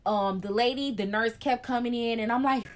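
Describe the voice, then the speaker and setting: A young woman telling a personal story in a casual vlog, chatty and animated, acting out scenes with gasps. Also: a little high, moderate pace. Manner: chatty, frequent "like" fillers. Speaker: vlogger.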